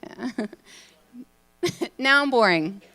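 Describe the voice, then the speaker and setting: Woman, bubbly, chatty, lively intonation, live talk. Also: a little high, extremely slow. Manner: bubbly, excitable, chatty with many fillers. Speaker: conference speaker, hypnotist. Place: event room in front of an audience.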